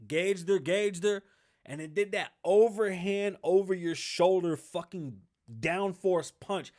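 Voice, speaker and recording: A man hosting a podcast alone, ranting casually and profanely in animated commentary. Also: sits high, slow. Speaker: podcast host.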